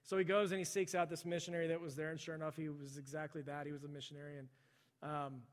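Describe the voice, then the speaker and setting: A man preaching in a church sanctuary, his slightly high voice trailing off in a long, ringing reverb. He tells a story in a relaxed, conversational way and briefly takes on the voices of the people he describes. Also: fast talker. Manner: conversational, relives stories by voicing the people in them. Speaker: pastor. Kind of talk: sermon storytelling.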